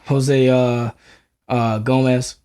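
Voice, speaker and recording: A man's voice: medium pitch, flat delivery, very slow, dark tone, smooth. A man co-hosting a podcast, telling a story in a rambling way, full of filler words and swearing. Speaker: podcast co-host. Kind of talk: casual storytelling chat.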